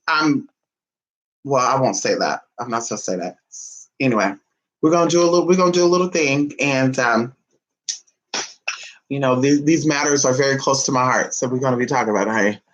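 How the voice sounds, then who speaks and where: A man talking casually and gossipily to his viewers, calling them y'all and honey, swinging from soft asides to loud exclamations. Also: on the high side, animated, brisk, poor audio. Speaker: vlogger.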